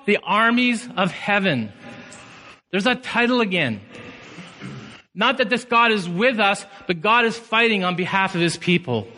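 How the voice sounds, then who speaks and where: A pastor preaching a passionate sermon, his voice surging up to loud shouts of emphasis. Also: sits high, expressive, unhurried. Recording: long hall reverb.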